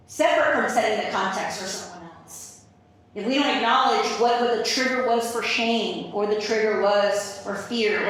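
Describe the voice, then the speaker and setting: A woman's voice: medium pitch, fairly bright tone. A woman podcast host speaking emphatically in reflective conversation, repeating words for stress. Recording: echoey room, mic far off.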